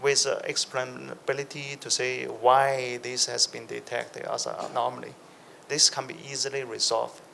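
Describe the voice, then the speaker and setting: Gravelly, bright-voiced man on a panel. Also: mid-range voice, level tone, normal speed, slight background noise, low-quality recording. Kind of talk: panel discussion answer.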